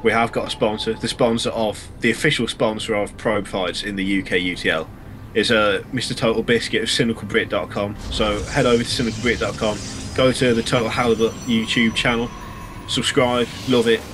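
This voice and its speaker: A man's voice: on the low side, steady tone, brisk, background noise. A man co-commentating a game match with wry remarks.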